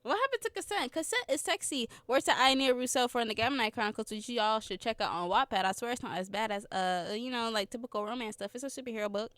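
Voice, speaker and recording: A woman's voice: fairly high pitch, quick pace, hardly any pauses, fairly bright tone, clear, resonant tone, no room sound. A young woman with a slightly sore throat hosts a podcast, chatting casually and giggling through a rambling film review. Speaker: podcast host.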